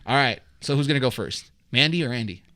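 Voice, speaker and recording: A man co-hosting a podcast in casual chat, animated and teasing, laughing often. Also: mid-range voice, quick pace, no room sound. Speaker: podcast co-host.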